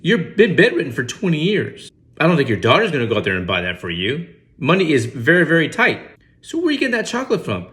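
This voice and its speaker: A man's voice: a little high, huge pitch swings, quick pace, a bit bright. A man giving casual comedic movie commentary, sarcastic and incredulous with mock outrage. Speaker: movie reaction host.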